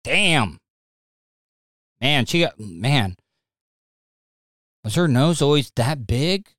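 A man's voice: mid-range voice, big pitch swings, very slow, a bit bright, no echo, studio quality. A man reacting to a news clip in casual commentary, blunt and mocking. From Southern United States.

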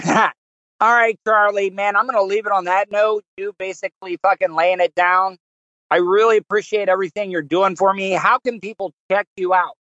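A man hosting a casual podcast, relaxed and chatty. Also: sits high, moderate pace, dry recording, dull audio. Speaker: podcast host. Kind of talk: casual chat.

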